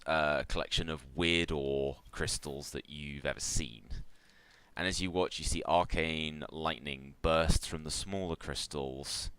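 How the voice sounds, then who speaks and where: A man narrating a tabletop game as game master, talking in a relaxed, loose way with many fillers. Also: extremely low pitch, smooth, no room sound.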